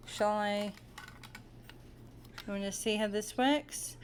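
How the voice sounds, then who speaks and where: A woman's voice: medium pitch, takes it slowly, long pauses, slight background noise. A young woman at home chatting casually to the camera while playing with her cat, teasing and cooing at him. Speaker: cat owner filming her pet.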